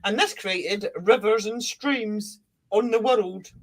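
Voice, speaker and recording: A woman's voice: medium pitch, takes it slowly. A woman co-hosting a podcast, telling a creation myth in a casual, playful way. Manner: playful, breaks into silly character voices. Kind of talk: casual storytelling chat.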